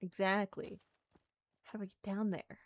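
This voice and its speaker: A woman's voice: medium pitch, little pitch movement, normal speed. A woman streamer giving playful gaming commentary, bubbly and jokey, chatting to the characters on screen. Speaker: let's play streamer.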